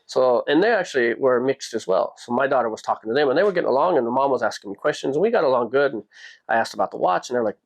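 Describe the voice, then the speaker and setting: A man hosting a podcast, telling a personal story in a casual, animated way and jumping his pitch up when he quotes people. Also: very fast. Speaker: podcast host.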